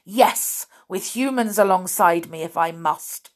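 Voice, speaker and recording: Woman doing young centaur, calm serious, low and slow. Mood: defiant. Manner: grave, measured. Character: young noble male centaur, calm and protective.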